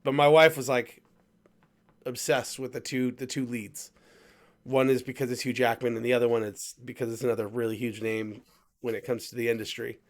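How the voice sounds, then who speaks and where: A man hosting a podcast, telling a travel story in a rambling, animated way with plenty of restarts. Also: mid-range voice, brisk. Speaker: podcast host. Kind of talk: casual chat, storytelling.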